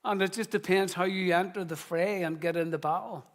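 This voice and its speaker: A man's voice: high-pitched, fairly even intonation, a little fast, long reverb tail. A middle-aged man, the founding pastor of his church, preaching in an earnest, conversational way and telling stories. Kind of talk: sermon.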